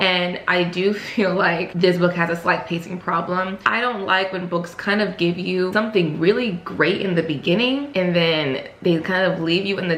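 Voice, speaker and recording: Young woman book vlogger, casual, excitable fangirl energy, slangy. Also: lowish voice. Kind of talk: casual reading vlog.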